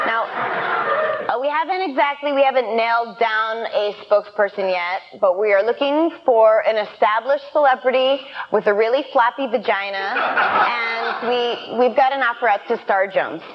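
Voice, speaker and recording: A female comedian with a somewhat high voice delivers crude jokes flatly and dryly, as if giving sincere advice. The sound is muffled broadcast audio with a faint hiss behind it. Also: moderate pace. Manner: dry, deadpan crude jokes. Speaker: comedian panelist.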